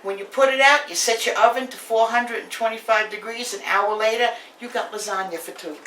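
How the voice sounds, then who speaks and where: A woman's voice: a little high, brisk, very noisy. A woman with a New York accent, from Brooklyn, talking through a home cooking demonstration in a chatty, brash storytelling way. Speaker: home cook host. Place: home kitchen, indoors. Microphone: camera mic filmed from across the kitchen. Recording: echoey kitchen, distant camera mic.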